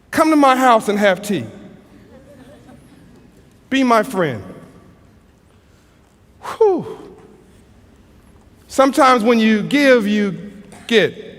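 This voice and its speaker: High-voiced American man in a reverberant hall. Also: a bit bright. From United States. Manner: earnest, with repeated restarts and dramatic pauses. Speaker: motivational speaker. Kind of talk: storytelling speech.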